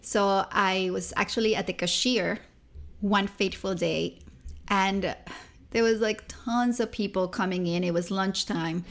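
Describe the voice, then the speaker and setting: Gravelly-voiced woman from Venezuela telling stories. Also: medium pitch, unhurried. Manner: animated, acts out quoted people. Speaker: interview guest. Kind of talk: storytelling in a casual interview.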